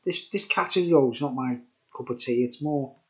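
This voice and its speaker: A man's voice: medium pitch, normal speed, muffled recording. A tipsy man rambling through a casual beer review, chuckling often and dropping conspiratorial asides.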